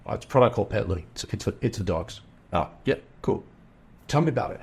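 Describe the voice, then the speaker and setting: A middle-aged Australian man sits in as a podcast guest and tells a long story in a casual, animated way. His voice sits fairly low, and he slips into the voices of the people he quotes. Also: quick pace, vocal fry, breathy edge. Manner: animated, acts out quoted dialogue.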